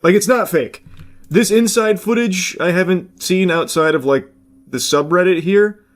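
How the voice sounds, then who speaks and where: A man's voice: high voice, measured pace. A man giving blunt, casual reaction commentary, talking loosely with plenty of fillers.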